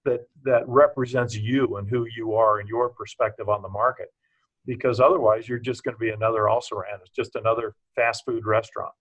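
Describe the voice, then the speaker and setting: A man's voice: mid-range voice, fairly even intonation, a little fast, fairly bright tone. A man speaking as an interview guest, a brewery founder giving plain-spoken, blunt advice with dry humor. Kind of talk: casual interview answers. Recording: dull, slightly muffled sound.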